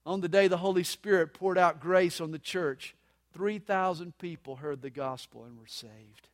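A man preaching a sermon at a live church service, dramatic, moving between loud emphasis and soft, hushed lines. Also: sits high, moderate pace. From United States. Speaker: pastor.

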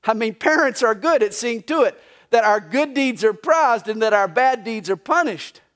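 Man, pastor, lively sermon in church, high voice, folksy anecdotes and humor. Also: moderate pace. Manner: storytelling with jokes and anecdotes. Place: church sanctuary during a live service.

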